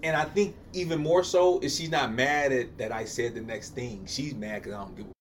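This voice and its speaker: A man's voice: mid-range voice, normal speed, slight background noise. A man co-hosting a casual podcast with his partner, talking in a laid-back, slangy way and drawing out words for emphasis. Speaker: podcast co-host. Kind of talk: casual couple chat.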